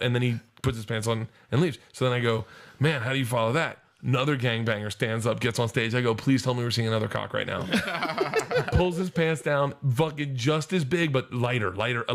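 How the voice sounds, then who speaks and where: Animated, profane man telling comedy stories. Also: mid-range voice. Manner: animated, profane, acts out voices in his stories. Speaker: stand-up comedian guest. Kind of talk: casual podcast storytelling.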